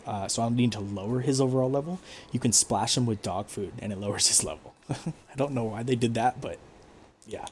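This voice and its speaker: A man giving relaxed, explanatory commentary over his own gameplay stream, with frequent fillers. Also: mid-range voice, a little fast, slight background noise. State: hiccups. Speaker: gaming streamer.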